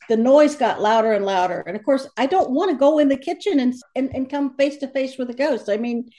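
A woman telling stories as a guest in an interview, animated and quoting others as she goes. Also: on the high side. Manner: animated storyteller, quotes others in lively voices. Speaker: guest, medium who crosses over the dead. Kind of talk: storytelling in a conversational interview.

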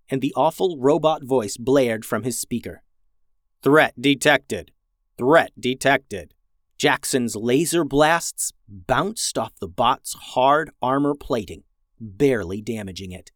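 A man reading a children's adventure story in a gentle, even storytelling manner as a podcast host. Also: medium pitch, no echo, studio quality. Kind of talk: scripted story narration.

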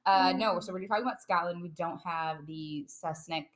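A woman hosting a podcast in casual chat around a table, bubbly and excitable, laughing often. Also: fairly low pitch, a little fast. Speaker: podcast host.

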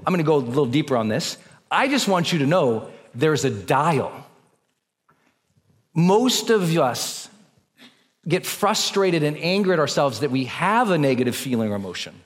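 Guy coaching a crowd at a seminar, pitch swinging all over, big echoey hall. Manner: energetic, coaching, leads the audience through breathing exercises. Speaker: motivational speaker. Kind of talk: live seminar talk to an audience. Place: large hall with a live audience. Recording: long reverb of a large hall.

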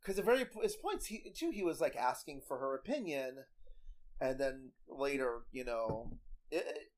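A young adult man co-hosts a podcast, casually recapping a TV baking show with frequent laughs, fillers and restarts. His mid-range voice swings widely in pitch at a normal speed.

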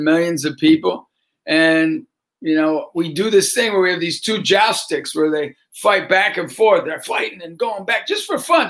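A middle-aged man, a motivational speaker and basketball coach, telling a story with lots of energy and acting out the voices of the people in it. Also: a little high. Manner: acts out voices in his stories, shouting and laughing. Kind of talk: animated storytelling.

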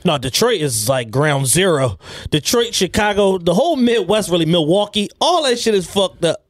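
A man's voice: high voice, big pitch swings, normal speed, no room sound, studio quality. Blunt, profane man in casual chat. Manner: blunt, profane, laughs along. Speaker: podcast co-host.

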